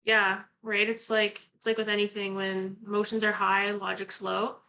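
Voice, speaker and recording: Young woman co-host, casual and chatty, crisp bright voice, mid pitch. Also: level tone, moderate pace, slight background noise, low-quality recording. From Canada. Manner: chatty, many fillers and restarts. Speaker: guest co-host. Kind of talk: casual talk-show chat.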